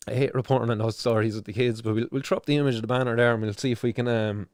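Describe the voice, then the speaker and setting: A man's voice: medium pitch, steady tone, very fast, clear, resonant tone, no room sound, studio quality. Impassioned Irish man on a stream. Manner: impassioned, swearing, many restarts and "do you know". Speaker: stream host. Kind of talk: emotional live-stream commentary.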